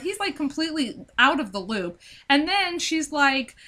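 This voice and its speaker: A woman in casual chat about a book and its film, animated and acting out scenes with lots of filler words. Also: high voice, fairly quick. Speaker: book discussion co-host.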